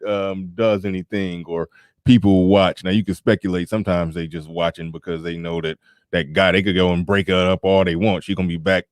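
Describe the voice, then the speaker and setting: A man's voice: sits low, little pitch movement, a little fast, no room sound, studio quality. A man hosting a casual livestream, talking bluntly and profanely with laughs and sarcastic asides while reading viewer super chats. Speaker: livestream show host.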